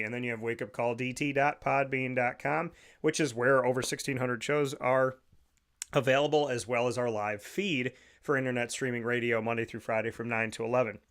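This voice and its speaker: Fairly bright and medium in pitch, this man's voice comes from a studio where he hosts his own radio and podcast program. He's upbeat and keen, firing off lists and sponsor mentions.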